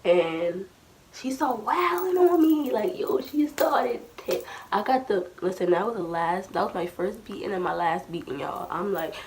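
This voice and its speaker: A young adult woman telling a childhood story in a casual vlog, animated and slangy, acting out what her family said. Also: lowish voice, moderate pace, hardly any pauses, a little hiss or hum. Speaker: storytime vlogger.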